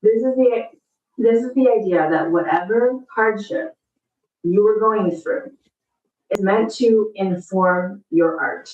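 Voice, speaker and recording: A woman's voice: medium pitch, takes it slowly, a little mellow, reverberant, distant mic, lo-fi sound. A woman in her thirties chatting casually, upbeat and encouraging, giving a motivational pep talk to her viewers.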